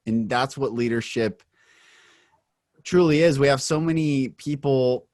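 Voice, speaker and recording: A man's voice: medium pitch, unhurried, a little mellow, no echo, clean studio sound. A man from Washington State hosting a podcast, upbeat in casual conversation, laughing often and acting out quotes. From Washington State, USA. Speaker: podcast host.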